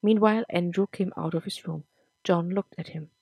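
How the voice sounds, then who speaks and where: A woman reading a serialized story aloud for her podcast in a steady, plain manner. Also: fairly low pitch, normal speed, breathy edge, no echo. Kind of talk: scripted story narration.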